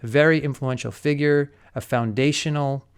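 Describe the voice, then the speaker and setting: A man's voice: medium pitch, fairly even intonation, normal speed, smooth. A middle-aged man giving an explanatory lecture, working methodically through numbered points with everyday examples.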